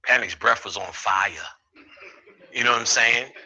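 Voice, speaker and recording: A man's voice: mid-range voice, steady tone, normal speed, pushed and bright, poor audio. A man in his fifties giving a live lecture to an audience, joking and swearing as he riffs with the crowd. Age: 50s. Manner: profane, joking, riffing with the audience. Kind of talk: live comedic spiritual lecture.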